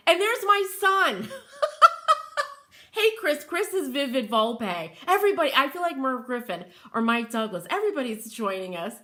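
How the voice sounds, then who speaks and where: A woman's voice: high-pitched, sing-song, moderate pace, sharp tone. A middle-aged woman from Connecticut with a Connecticut accent, hosting a live craft tutorial, chatting and laughing as she reads viewer comments aloud. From Connecticut, USA.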